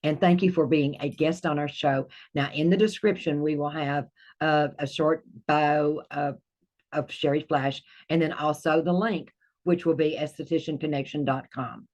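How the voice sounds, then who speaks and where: An older woman hosting an interview show, speaking in a friendly, slightly halting way with fillers. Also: low voice, steady tone, a little mellow, muffled recording. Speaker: host.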